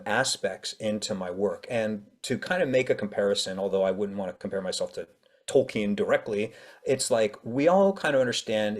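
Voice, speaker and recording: Lively low-voiced male author. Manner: animated, acts out imagined readers' reactions; chatty, with frequent fillers and laughs. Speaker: author being interviewed. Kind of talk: casual interview conversation.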